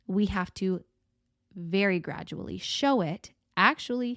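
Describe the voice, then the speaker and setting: A woman hosting a solo podcast, talking in a gentle, thoughtful, reflective way and slowing down to stress words. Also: mid-range voice, no room sound, studio quality. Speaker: podcast host.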